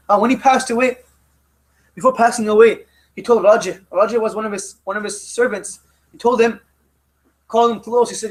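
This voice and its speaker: A man's voice: high voice, steady tone, a little fast, long pauses, low-quality recording. A man teaching a religious class to youth, who tells stories emphatically, repeating lines and often restarting his sentences. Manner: emphatic and repetitive, with frequent restarts. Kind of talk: youth halaqa sermon.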